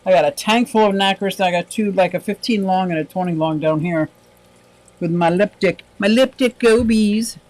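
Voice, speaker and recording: High voiced guy rambling on a fish tank livestream, reading chat, laughing a lot. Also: moderate pace, a little mellow, rough recording. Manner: chatty and rambling, laughs often. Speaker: aquarium livestream host. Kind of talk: casual livestream chat reading viewer comments.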